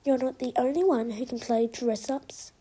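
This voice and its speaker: A woman voicing a sneaky villainous crow king who had been posing as a cat, speaking in a low, gloating snarl. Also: fairly even intonation, moderate pace, dark tone, husky.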